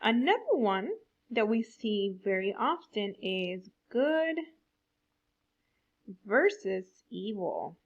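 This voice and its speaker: A woman teaching a fourth grade class, explaining slowly and stressing words for young pupils. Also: medium pitch, expressive, dull audio. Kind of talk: online classroom lesson.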